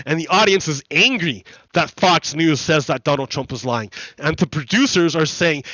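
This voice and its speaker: A man hosting a gaming channel, explaining in a repetitive, halting way full of restarts during casual commentary over gameplay. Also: fairly high pitch, fairly bright tone, no echo, poor audio.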